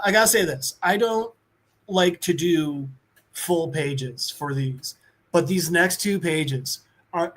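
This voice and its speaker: A man co-hosting a podcast, casually recapping a comic book in a rambling, profane way, full of "uh" and "like" and with bits of acted-out dialogue. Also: a little high. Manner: rambling, profane, filler-heavy, acts out quotes. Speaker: podcast co-host.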